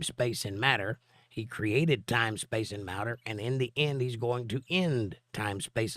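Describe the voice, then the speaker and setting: Hoarse man hosting a live stream. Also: mid-range voice, no echo, clean studio sound. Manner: reads viewer comments aloud, then explains at length. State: hoarse from laryngitis. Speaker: live-stream host answering chat. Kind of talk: casual live-stream chat and Bible teaching.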